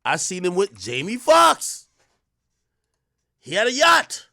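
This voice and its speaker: A man in his thirties, a streamer host, telling a story in casual, profane street slang, jumping from loud bursts to muttered asides. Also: high-pitched, wildly swooping pitch, slow, dry recording, clean studio sound.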